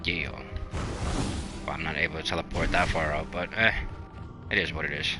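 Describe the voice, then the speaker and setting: A man's voice: rumbling low, moderate pace, vocal fry, over music. A man casually chatting while playing a video game, rambling and encouraging, with lots of fillers. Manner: rambling, motivational, many fillers. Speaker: gaming channel host.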